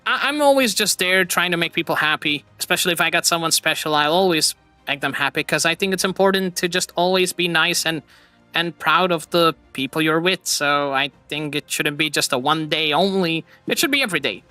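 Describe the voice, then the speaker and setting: A man's voice: a little high, brisk, bright, forceful tone, smooth, dry recording, soft background music. A male streamer host chatting casually, earnest and rambling, often restarting his sentences. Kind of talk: casual chat.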